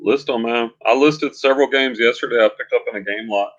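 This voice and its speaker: A man hosting a casual live stream, laid-back and drawn-out. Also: mid-range voice, a bit bright. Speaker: host of a reseller live show. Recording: dull lo-fi stream audio.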